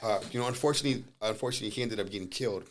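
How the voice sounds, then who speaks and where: A man guest on a podcast, telling rough street stories in a casual, profane, animated way and acting out the voices of the people in them. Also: on the low side, racing, a little hiss or hum. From Southern California. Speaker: podcast guest, jiu-jitsu instructor. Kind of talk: casual storytelling. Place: podcast studio.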